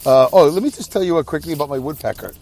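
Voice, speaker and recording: A middle-aged podcast host talks very fast in a fairly high, slightly mellow voice. He's driving his truck and giving a casual monologue, rambling, self-deprecating and plainly exhausted and sleepy.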